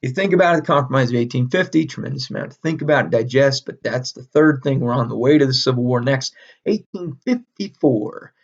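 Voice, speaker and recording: A man giving a casual, animated history lecture, emphatic and repeating key words, with frequent laughs. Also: medium pitch, a little fast, vocal fry, highs cut off. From northern United States. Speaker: history teacher.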